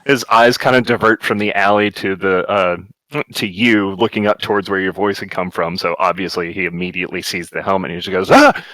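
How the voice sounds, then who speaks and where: Low-voiced young game master. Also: male voice, steady tone, brisk, a bit bright, no room sound, rough recording. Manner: rambling, many fillers and restarts. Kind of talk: narrating a tabletop game.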